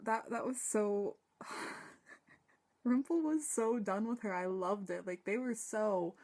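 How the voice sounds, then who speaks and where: A woman's voice: medium pitch, slow. Gushing young woman reviewing a show. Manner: excitable, rambling, sighs and laughs often, swears casually. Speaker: TV fan reviewer. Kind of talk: casual gushing episode review.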